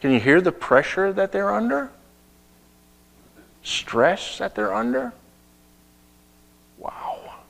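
A male pastor preaching a sermon, telling a story with rhetorical questions and sudden shifts between loud and hushed. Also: high-pitched, big pitch swings, unhurried, gravelly, long pauses, rough recording.

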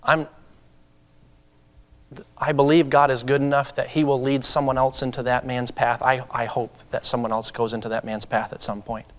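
A male preacher giving a sermon, swinging from impassioned urging to hushed personal storytelling. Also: little pitch movement, moderate pace, long reverb tail. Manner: impassioned, rising in pitch and volume to urge; hushed and confessional when telling stories.

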